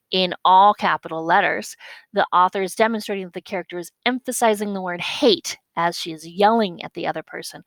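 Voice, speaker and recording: Woman teacher, some vocal fry, dry close sound, patient step-by-step explainer. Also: fairly low pitch, fairly bright tone, dry recording, low-quality recording. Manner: explains step by step, repeats points, checks with "okay?". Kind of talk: classroom lesson walkthrough.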